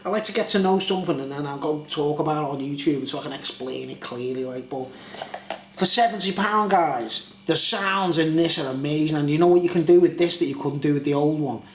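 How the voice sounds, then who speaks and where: A man's voice: on the high side, a little fast, roomy sound, slight background noise. A British man chatting in a rambling, casual way for his vlog, often asking "you know what I mean?". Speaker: YouTuber reviewing beer.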